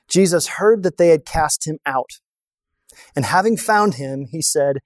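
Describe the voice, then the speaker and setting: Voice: mid-range voice, lively intonation, measured pace, no echo. A pastor preaching a sermon in a conversational way, often asking the audience rhetorical questions.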